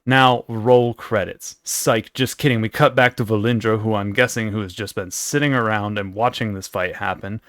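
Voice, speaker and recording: A sarcastic young man tears through a game cinematic in a comedy recap, swearing and wandering into rants. His voice is lowish and recorded close, with no room sound. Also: fairly even intonation, normal speed, hardly any pauses, a bit bright, no echo. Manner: sarcastic, profane, rambling asides. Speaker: video creator.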